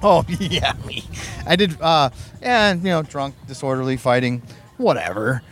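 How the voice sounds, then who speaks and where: A man's voice: fairly high pitch, measured pace, faint music behind. Profane rambling man telling stories. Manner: profane, rambling, animated storyteller. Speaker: podcast co-host, Navy veteran. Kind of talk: casual storytelling chat. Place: at a hotel pool. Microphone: streamed live on a phone or camera.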